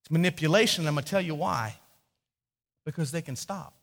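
A man's voice: on the high side, brisk, creaky, a bit bright. A man preaching a sermon as pastor, storytelling with animation, acting out quotes and often restarting his sentences. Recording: long hall reverb.

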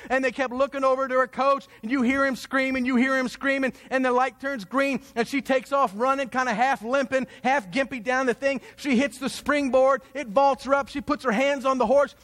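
A man telling a dramatic story to an audience in an animated preaching style, swinging between low, quiet moments and high, excited ones. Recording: long hall reverb.

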